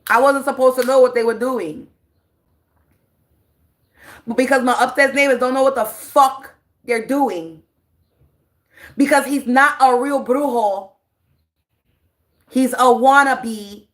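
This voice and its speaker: Woman spiritual reader ranting live, high voice, slow and preachy, swears a lot. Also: a bit bright. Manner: blunt, profane, preachy. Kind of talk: livestream rant.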